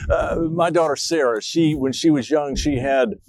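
A man's voice: fairly high pitch, moderate pace, darkish tone, slight background noise, rough recording. A middle-aged man preaching a reflective sermon as a pastor, telling stories. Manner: storytelling, reflective, acts out a child's voice in quotes.

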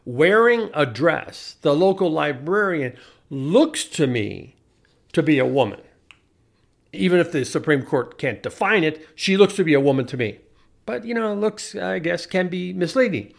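A man in his forties giving a sardonic storytelling monologue, wry and deliberate, often restarting his sentences and adding asides. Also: fairly high pitch, sing-song, vocal fry. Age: 40s. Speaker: commentator.

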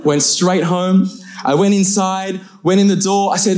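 Animated storytelling pastor, fairly high voice. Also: male voice, unhurried. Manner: animated, self-deprecating storyteller. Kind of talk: storytelling sermon.

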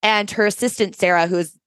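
A woman's voice: medium pitch, normal speed, clean tone, no echo. Effusive woman telling a story, close dry mic. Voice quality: effusive, animated storytelling with quoted voices. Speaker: podcast host. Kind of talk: casual chat.

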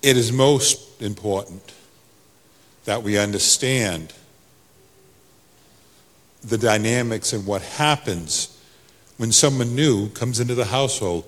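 A male pastor, preaching a sermon that swings from soft to loud. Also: medium pitch, a little slow, pauses often, in a large hall.

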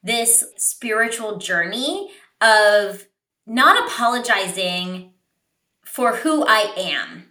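A woman in her thirties co-hosting a podcast, talking in a candid, animated and reflective way. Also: mid-range voice, takes it slowly, far from the mic. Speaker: podcast co-host. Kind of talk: casual podcast chat. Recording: roomy sound, a bit off mic.

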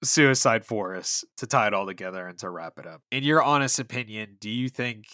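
A man's voice: fairly low pitch, lively intonation, fairly quick, pushed and bright, dry recording, studio quality. A man co-hosting a podcast in easygoing casual chat, swearing offhandedly. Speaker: podcast co-host.

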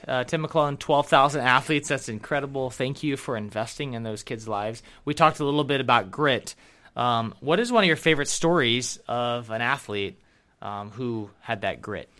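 A man's voice: medium pitch, moderate pace, pushed and bright, clear, resonant tone. A man co-hosting a talk show, interviewing a guest in a friendly way and laughing easily. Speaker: co-host, interviewer. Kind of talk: casual interview.

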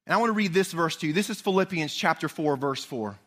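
A man preaching a sermon, an animated storyteller who speaks straight to his congregation. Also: fairly high pitch, quick pace. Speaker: pastor.

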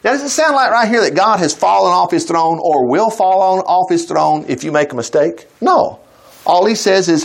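A man preaching a sermon in a conversational way, reading scripture aloud and acting out quoted voices, with sudden loud peaks and soft drops. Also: high voice, animated, moderate pace, gravelly.

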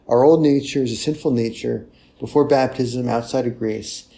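Gravelly-voiced man preaching a lively sermon. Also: medium pitch, normal speed. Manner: lively and conversational, often tagging "right?".

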